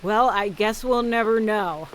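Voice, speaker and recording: A woman's voice: medium pitch, measured pace, a little hiss or hum. A woman streamer giving casual gameplay commentary, chatting and reading game dialogue aloud.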